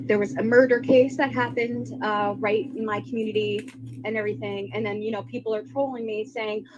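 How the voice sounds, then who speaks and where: A woman's voice: a little high, fairly even intonation, a little fast, lo-fi sound, background noise. A woman defending herself with hesitant ums in a casual video call chat.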